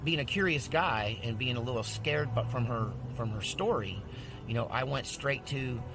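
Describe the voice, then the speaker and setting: A man's voice: medium pitch, normal speed. A man telling a long story in a casual, rambling way, acting out the dialogue he quotes. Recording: speech with music underneath.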